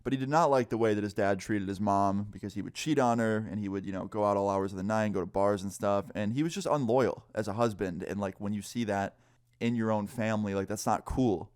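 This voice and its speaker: A young man casually telling a story time, animated and swearing, acting out what people said. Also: on the low side, brisk, no echo, clean studio sound. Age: young adult. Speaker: storyteller vlogger.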